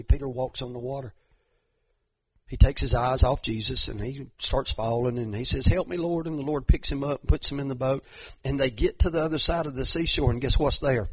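A man preaching a sermon, dropping to a hushed storytelling voice and then building to loud, rising exhortation. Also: mid-range voice, fairly quick, breathy edge, dry recording. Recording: muffled, lo-fi sound.

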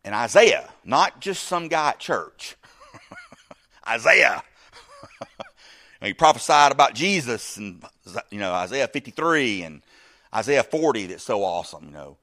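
A middle-aged man preaching a sermon, animated, shifting from loud bursts to quiet asides and acting out the voices in his story. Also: mid-range voice, measured pace, pauses often. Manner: acts out quoted speech in the story.

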